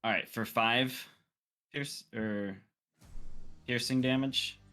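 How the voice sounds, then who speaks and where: Slow-talking man with a bright voice. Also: medium pitch, steady tone. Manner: hesitant, thinking aloud. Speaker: player. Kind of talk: playing a tabletop game.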